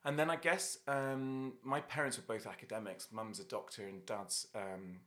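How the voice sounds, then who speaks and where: A man's voice: lowish voice, fairly even intonation, moderate pace, pushed and bright. An Irish-born man, a hairdresser and salon owner, chatting as a guest in a podcast studio and telling stories with light laughs. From Ireland. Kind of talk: casual interview chat.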